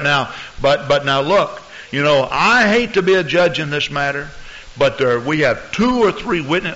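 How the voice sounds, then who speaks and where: Lively storytelling preacher man. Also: fairly high pitch, normal speed. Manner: animated storytelling preacher, acts out voices. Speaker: pastor. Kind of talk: sermon. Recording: muffled lo-fi recording.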